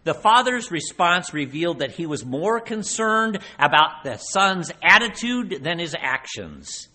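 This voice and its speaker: A man delivering a sermon in a husky, bright-edged voice. His pitch swings widely as he asks rhetorical questions, and he slows down to press each point home. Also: very animated. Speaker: preacher.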